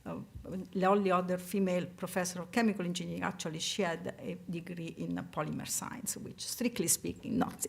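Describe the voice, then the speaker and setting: A woman's voice: medium pitch, gravelly. An older woman from Italy with an Italian accent, speaking as a professor on a panel, self-deprecating and full of fillers and restarts. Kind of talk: panel talk.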